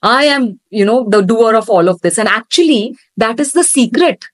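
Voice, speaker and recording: A woman instructor retelling a scripture story in an animated storytelling manner during a lesson. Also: on the high side, moderate pace, dry recording, poor audio.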